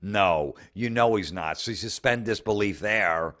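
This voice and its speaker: Low-voiced man in a profane sarcastic rant. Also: a little slow, fairly bright tone. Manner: sarcastic, mocking, swears heavily, mimics people in put-on voices. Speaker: comedy podcast host. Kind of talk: profane ranting comedy commentary.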